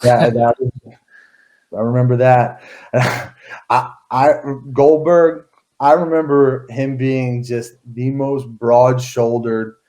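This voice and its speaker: A man's voice: medium pitch, steady tone, slow pace, mellow. A man in his thirties, an interview guest, telling stories in a rambling casual way with many fillers and restarts.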